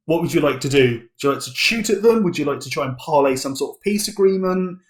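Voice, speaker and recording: A British man narrates as game master in a comedic tabletop game. His voice sits a little high, and his delivery rambles playfully with plenty of filler words. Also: lively intonation, fast. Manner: rambling, playful, full of "basically" and "like".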